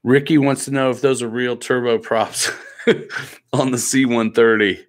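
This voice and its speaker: A man's voice: mid-range voice, fairly even intonation, a little slow. A man hosting a live stream in a laid-back, joking way, reading viewer comments aloud and teasing the people in the chat.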